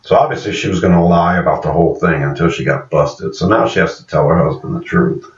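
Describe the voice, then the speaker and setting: Deep-voiced man recapping in an echoey room. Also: quick pace. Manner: rambling, corrects himself on character names. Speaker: show reviewer. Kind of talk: casual episode recap. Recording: echoey, dull-sounding room from a distance.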